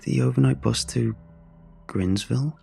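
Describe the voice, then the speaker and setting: A man voicing a jaded, nasal young woman working a bus-station counter, in a flat, bored way. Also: mid-range voice, a little slow, creaky, husky, faint music behind, exaggerated voice.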